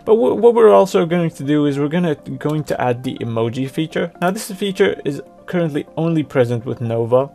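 A man presenting a software tutorial, talking through each step on screen in a plain explanatory way. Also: fairly high pitch, animated, a little fast, creaky, few pauses, soft background music. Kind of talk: screen-recorded software walkthrough.

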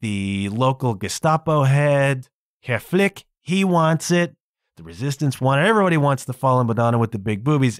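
A man's voice: medium pitch, clean tone, no room sound, studio quality. A man hosting his own podcast, giving casual solo commentary in an emphatic, wry, opinionated way with frequent asides. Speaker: podcast host.

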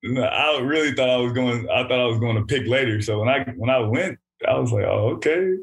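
A relaxed man in his thirties tells stories as a guest in a casual interview, with an easy manner and frequent laughter. His voice sits at an ordinary middle pitch. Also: brisk. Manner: easygoing, laughs often while telling stories. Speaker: guest, former pro basketball player.

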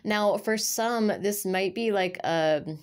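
A woman's voice: mid-range voice, slow. A woman giving a casual tarot reading to her viewers, talking in a rambling, chatty way full of fillers. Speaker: tarot reader.

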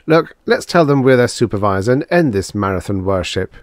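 A man's voice: lowish voice, animated, brisk, no room sound, clean studio sound, pitched above the performer's own voice, lightly acted. A man voicing an impatient, contemptuous young spaceman who talks bluntly. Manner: blunt, scornful, shouting.

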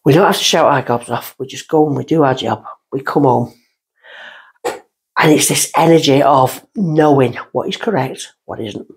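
A middle-aged woman with a slightly husky voice talks as a guest on a podcast. She tells her stories in an animated, casual way and slips into little voices for the people in them. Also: extremely low pitch, normal speed. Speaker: guest medium. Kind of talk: casual storytelling chat.

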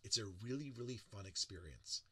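Animated husky-voiced male speaking coach. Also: lowish voice. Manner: animated, swings from soft and slow to loud bursts. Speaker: presentation coach. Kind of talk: motivational lecture to camera.

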